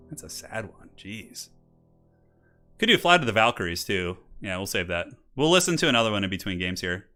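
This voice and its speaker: Chatty low-voiced bright male caster. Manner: chatty and rambling, laughs often. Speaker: tournament stream host and caster. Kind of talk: casual live-stream commentary. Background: faint classical music playing.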